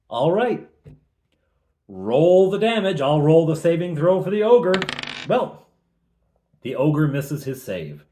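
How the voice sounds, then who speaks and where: A middle-aged man recapping a tabletop game as its game master, telling it in an animated way with chuckles. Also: fairly high pitch, slow pace, pauses often. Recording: roomy echo.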